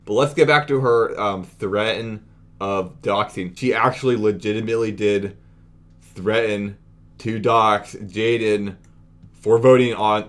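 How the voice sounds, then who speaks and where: A young man talking casually in a commentary video, brash, mocking and indignant as he addresses viewers. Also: lowish voice. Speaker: youtube commentator.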